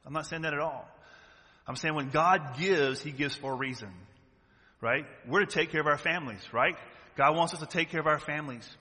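A man's voice: a little high, fairly quick, sharp tone. A man preaching a sermon as pastor, emphatic and full of rhetorical questions. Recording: long church-hall reverb.

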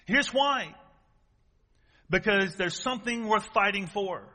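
A man preaches with a high, bright, ringing voice. He drives his points home with emphatic repetition and questions to the congregation. The sound carries a long reverb from a large hall. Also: moderate pace. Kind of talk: sermon.

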